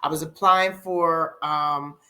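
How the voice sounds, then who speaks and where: A middle-aged woman, a life coach guest on a podcast, telling her story candidly and reflectively, with many pauses and repeated phrases. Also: low-pitched, fairly even intonation, bright, forceful tone.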